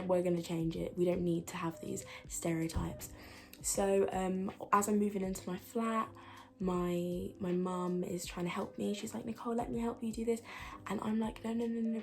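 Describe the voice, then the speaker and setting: A woman's voice: fairly low pitch, a little mellow. A young woman from England, a student vlogger chatting casually to camera, rambling with lots of fillers and restarts. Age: young adult.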